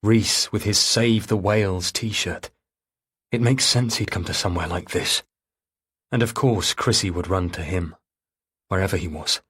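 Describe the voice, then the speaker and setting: A man reading a thriller audiobook in third person, with a somewhat low, husky voice. His delivery is measured and grave throughout. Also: fairly bright tone. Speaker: audiobook narrator.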